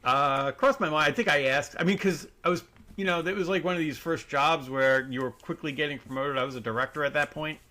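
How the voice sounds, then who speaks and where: Bright-voiced man telling a story. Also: fairly high pitch, fairly quick. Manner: animated anecdote-telling with acted quotes. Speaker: podcast host. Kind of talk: casual chat, storytelling.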